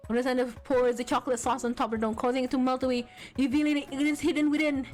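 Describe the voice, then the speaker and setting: A woman VTuber streaming a game, reading its text aloud and bursting into loud outcries and laughter. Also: sits high, little pitch movement, very fast, few pauses, faint music behind.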